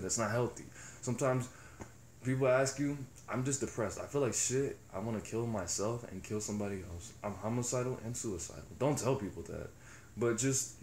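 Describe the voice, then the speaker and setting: A man's voice: medium pitch, a little mellow, a little hiss or hum. A young man rambling in a profane, reflective casual monologue as a vlogger. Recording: echoey room with faint ambience.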